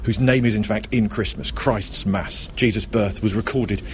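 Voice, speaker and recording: A man's voice: lowish voice, steady tone, normal speed. A middle-aged man hosting a casual, chatty talk outdoors while out shopping, often correcting himself and joking. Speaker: host. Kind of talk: casual talk about Christmas history. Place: outdoors near a road, out shopping. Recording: outdoor street recording with faint traffic.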